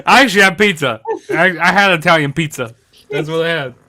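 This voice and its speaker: A man's voice: fairly high pitch, fairly quick, pushed and bright. A man co-hosting a casual podcast over an online call, chatty and joking, laughing often. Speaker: podcast co-host. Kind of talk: casual chat.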